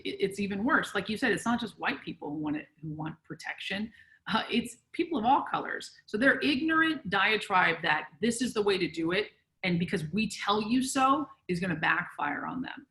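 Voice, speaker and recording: Outspoken woman guest, punchy and emphatic, mid pitch. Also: a bit bright, low-quality recording. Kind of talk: casual conversation.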